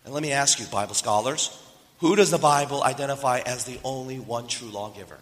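Man preaching with a bright tone in a reverberant hall. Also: medium pitch, a little fast. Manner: storytelling, asks the listeners questions. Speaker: pastor. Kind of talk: sermon.

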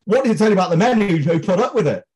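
A middle-aged man talks in a blunt, outspoken way, swearing freely as he co-hosts a casual podcast chat. His pitch swings widely and sits a little high. The delivery is animated and forthright. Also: racing. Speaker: podcast co-host.

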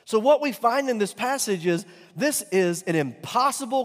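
A male pastor preaching a sermon. He swings from loud, emphatic peaks to soft, near-whispered lines and asks the congregation rhetorical questions. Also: high-pitched, lively intonation, normal speed, few pauses. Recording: long hall reverb.

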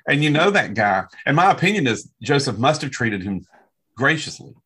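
A man's voice: medium pitch, normal speed, a little hiss or hum. A man who travels as an evangelist, telling stories in a casual way and acting out the dialogue. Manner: animated anecdotes, acts out dialogue. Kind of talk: casual storytelling chat.

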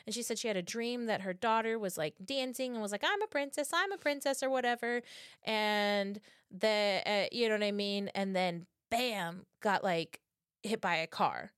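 A woman's voice: mid-range voice, moderate pace, clear, resonant tone, no room sound, clean studio sound. Foul-mouthed woman spinning spooky stories. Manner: profane, animated storytelling with acted-out quotes. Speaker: podcast co-host. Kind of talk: casual chat, storytelling.

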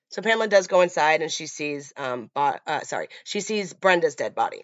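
A woman's voice: low voice, lively intonation, a little fast, hardly any pauses, fairly bright tone, no echo. A woman hosting a podcast, chatting casually about a film with lots of fillers, in a dull lo-fi recording. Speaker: podcast host.

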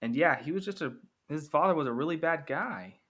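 Young man, casual film commentary, bright tone, rambling, jokey, self-correcting. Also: fairly high pitch, expressive, fairly quick. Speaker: film reviewer.

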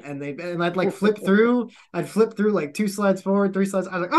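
Profane, animated American host. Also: male voice, high-pitched, fairly quick, hardly any pauses. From United States. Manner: profane, animated, mimics people. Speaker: podcast host, former intelligence officer. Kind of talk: casual podcast chat.

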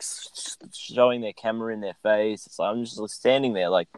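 A man appearing as a podcast guest, rambling bluntly with halting restarts. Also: fairly low pitch, no room sound, poor audio. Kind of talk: casual chat.

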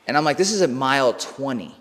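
A man's voice: mid-range voice, lively intonation, fast talker, fairly bright tone. A man, a podcast guest, telling a personal story in a casual, slangy way, swearing freely and saying "bro" and "like" a lot. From United States. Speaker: podcast guest, mindset coach. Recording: long room reverb.

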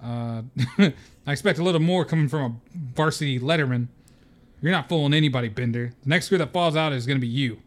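A man's voice: mid-range voice, quick pace, close to an everyday voice. A man reading the part of a blustering middle-aged male school principal in an amateur table read, barking his lines. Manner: barking, raised voice.

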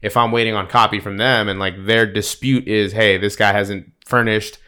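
A man's voice: on the low side, steady tone, normal speed, pushed and bright, clean tone. A man in a casual podcast chat, telling stories that end in a lesson, filled with "like" and "you know". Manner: storytelling, lecturing, many "like" and "you know".

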